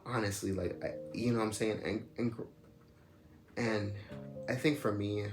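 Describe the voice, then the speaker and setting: A man's voice: fairly low pitch, steady tone, a little slow. A young man casually telling a personal story, rambling with lots of "like" and "you know what I'm saying". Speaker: storyteller recounting a personal experience. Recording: roomy echo with loud music behind.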